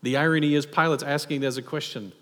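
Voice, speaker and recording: A man preaching a sermon in a church, conversational and animated, acting out the characters he quotes. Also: a little high, fast talker. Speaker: pastor. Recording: long hall reverb.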